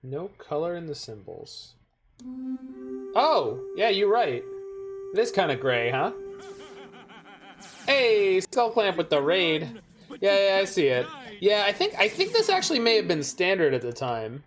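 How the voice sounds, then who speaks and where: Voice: mid-range voice, big pitch swings, a little slow, long pauses, faint music behind. A streamer giving casual gameplay commentary while playing a card game, making dry, joking asides to chat.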